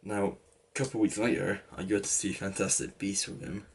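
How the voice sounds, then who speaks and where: A man's voice: on the low side, level tone, fairly quick, vocal fry, slight background noise. A young man in his late teens with an English accent, rambling through a casual story with lots of "like" and restarts. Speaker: vlogger.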